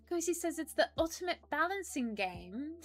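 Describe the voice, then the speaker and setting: A woman's voice: high voice, heavily acted. A woman voicing a prim, polite persona who reads live-stream chat aloud and apologizes often. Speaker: stream co-host reading chat.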